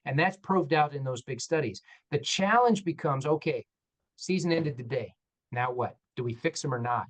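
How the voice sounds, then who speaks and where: A man who works as an orthopedic surgeon recounts stories in a panel discussion with candid self-deprecation, animatedly voicing the quoted dialogue. His mid-range voice keeps a moderate pace on a rough recording.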